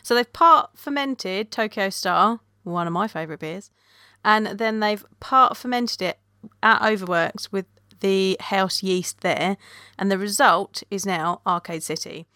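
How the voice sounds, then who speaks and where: A woman co-hosting a casual podcast, relaxed and lightly humorous. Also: medium pitch, unhurried, no room sound, studio quality. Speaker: podcast co-host.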